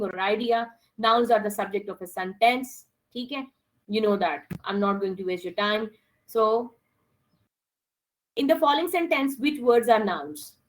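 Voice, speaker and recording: A woman's voice: on the high side, low-quality recording. A woman teaching an online class, mixing with Hindi-Urdu phrases and speaking as she addresses her students directly. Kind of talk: online English lesson.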